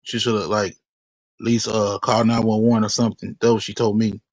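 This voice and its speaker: A man telling his story in a street interview, halting and repeating himself often. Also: on the low side, flat delivery, no room sound. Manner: halting, repetitive, many restarts.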